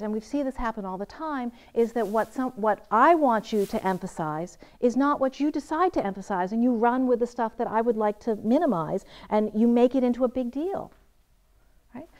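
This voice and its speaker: A woman teaching a writing workshop, lecturing with energy and quizzing her audience as she goes. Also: a little high. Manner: lively, asks the audience questions and answers them. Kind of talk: seminar lecture. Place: seminar room.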